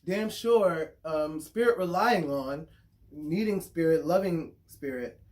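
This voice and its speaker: This woman's voice sits low and is a little mellow, and she takes it slowly. A spiritual consultant and vlogger, she delivers a casual, blunt monologue to the camera, swearing freely, repeating words as she thinks, and frequently checking in with listeners.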